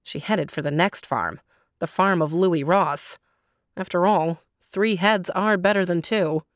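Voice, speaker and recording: A woman storyteller reading a folktale in a clear, measured way. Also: lowish voice, dry recording, studio quality. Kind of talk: storybook narration.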